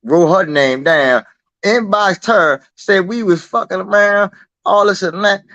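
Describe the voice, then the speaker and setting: A man's voice: sits high, unhurried, dry recording, highs cut off. A man guest in a casual, profane chat who acts out quotes in a raised voice. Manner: animated, swears a lot, acts out quotes in a raised voice. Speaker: interview guest.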